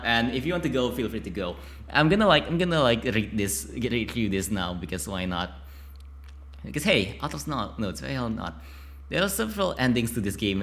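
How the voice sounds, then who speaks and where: A man playing through a text game, reading its passages aloud between excitable, chatty reactions full of restarts. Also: medium pitch, brisk. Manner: excitable, chatty, many filler likes and restarts. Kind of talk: casual game playthrough with read-aloud text.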